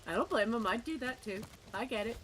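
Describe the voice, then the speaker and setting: A woman's voice: fairly high pitch, animated, a little fast, a bit bright, slight background noise. A woman streaming a video game, chatting casually and joking with friends. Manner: joking, chatty, laughs often. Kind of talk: casual chat while gaming.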